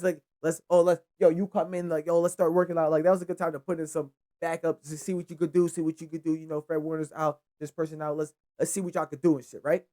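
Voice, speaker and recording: A man's voice: a little high, mellow. Rambling, profane young man recapping football. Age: young adult. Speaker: sports show host. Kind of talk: casual solo football recap.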